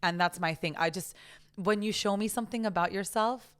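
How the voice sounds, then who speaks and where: A woman's voice: mid-range voice, fairly quick, a bit bright, clean tone. An American woman hosting a podcast, talking in an earnest, emphatic way and repeating words for stress. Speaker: podcast host. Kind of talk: casual podcast chat.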